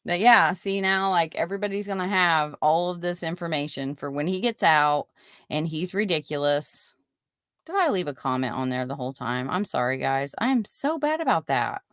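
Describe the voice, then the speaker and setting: A woman's voice: low voice, expressive, normal speed, a bit bright, no room sound, studio quality. A woman hosting a casual live stream, reading viewer comments aloud and reacting with outrage and apologies. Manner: chatty, reads viewer comments aloud, indignant. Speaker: podcast host.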